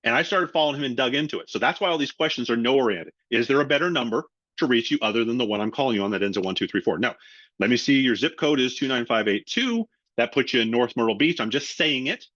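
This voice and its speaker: A middle-aged man coaches salespeople in a lively webinar talk and keeps acting out both the caller and the customer in his own voice. The audio is dry and a little dull and lo-fi. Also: mid-range voice, fast talker, dry recording. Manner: animated, acts out both sides of sales calls. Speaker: sales trainer.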